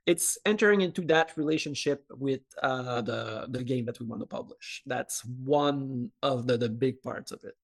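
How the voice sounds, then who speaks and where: A man's voice: medium pitch, moderate pace, few pauses. A man with a French Canadian accent answering interview questions, hesitant, with many filler sounds and restarts. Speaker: game studio representative. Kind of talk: video call interview answers.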